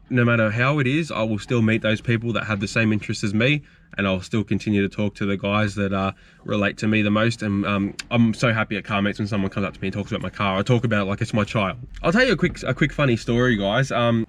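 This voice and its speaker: Talking fast in a lowish, slightly bright voice, with some background noise, the young Australian car-channel host rambles through a frank Q&A vlog. He tells stories casually, with plenty of fillers.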